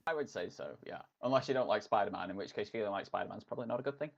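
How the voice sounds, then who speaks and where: A man's voice: lowish voice, very fast, vocal fry, highs cut off. A man co-hosting a gaming podcast, joking around and explaining things in detail. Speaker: podcast co-host. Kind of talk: casual gaming podcast chat.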